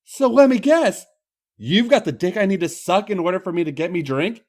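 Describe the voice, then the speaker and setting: A man's voice: sits high, lively intonation, moderate pace, pitched above the performer's own voice. A man doing a rowdy Irish woman wrestler. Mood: brazen. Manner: loud, foul-mouthed, boisterous. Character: brash crude Irish woman wrestler, hard-drinking.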